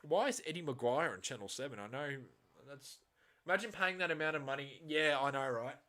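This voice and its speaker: Man, live match reaction host, fairly high-pitched, blunt, swears, exasperated outbursts. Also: expressive, a little fast. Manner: swings from quiet muttering to loud, exasperated outbursts.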